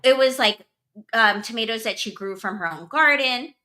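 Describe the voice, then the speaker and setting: A woman's voice: a little high, moderate pace, sharp tone. A young woman hosting a podcast, telling a story in casual chat, full of "like" and filler words. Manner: chatty, full of "like" and "blah, blah". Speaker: podcast host.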